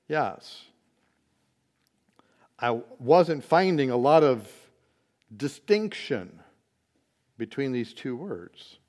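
Slow, deliberate male Bible teacher. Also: medium pitch. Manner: slow, deliberate explaining with fillers.

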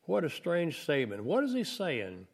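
A man's voice: on the high side, wildly swooping pitch, moderate pace, gravelly. A man preaching a conversational Bible lesson, folksy and plain-spoken, acting out quoted voices as he goes. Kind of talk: sermon.

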